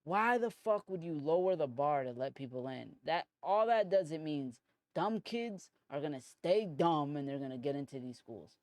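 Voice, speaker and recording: A man's voice: fairly high pitch, normal speed, no room sound, studio quality. A man in his twenties hosting a solo podcast, talking casually in a rambling, profane way and often saying "bro". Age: 20s. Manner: rambling, profane, animated, says "bro" a lot. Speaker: podcast host.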